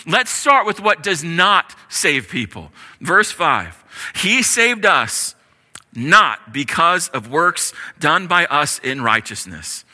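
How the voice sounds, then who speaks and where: Emphatic high-voiced preacher in a hall. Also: male voice, very animated, sharp tone. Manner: emphatic preaching with repetition and dramatic pauses. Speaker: pastor. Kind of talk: sermon.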